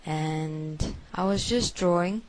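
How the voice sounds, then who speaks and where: A woman giving a first-person spoken confession, halting and hushed, with many repetitions. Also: fairly low pitch, poor audio.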